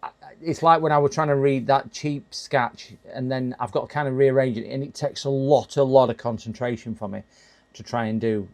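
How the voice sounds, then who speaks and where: Middle-aged male streamer, gravelly fry-heavy voice at an ordinary pitch, chatty and rambling while he works on a computer. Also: fairly even intonation, fairly quick, darkish tone. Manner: chatty, talks to chat while working, frequent restarts and laughs. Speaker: live-stream repair streamer. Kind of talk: casual live-stream chat.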